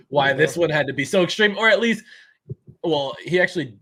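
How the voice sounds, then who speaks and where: Measured man reasoning aloud. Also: on the high side, expressive, fairly bright tone, husky. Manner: measured, reasoning aloud, qualifies his points. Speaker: podcast co-host. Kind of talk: casual chat.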